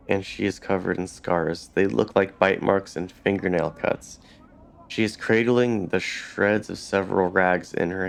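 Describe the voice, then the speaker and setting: A man's voice: low-pitched, creaky. A man hosting a let's play, reading the game's narration aloud with casual asides. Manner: reads narration, stops to comment casually. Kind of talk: reading game text aloud.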